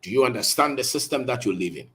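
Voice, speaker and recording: Husky-voiced Ghanaian man preaching. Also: medium pitch, expressive, fast, pushed and bright. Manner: emphatic, preachy, repeats phrases, switches between English and Twi. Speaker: speaker on colonisation. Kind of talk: impassioned motivational talk.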